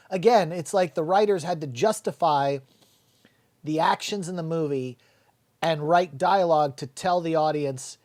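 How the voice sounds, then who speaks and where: Middle-aged man, film reviewer, blunt and profane, mocks what he reviews, slightly high voice. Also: animated, moderate pace, darkish tone. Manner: blunt, swears freely, mocking quotes of lines. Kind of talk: casual spoken movie review.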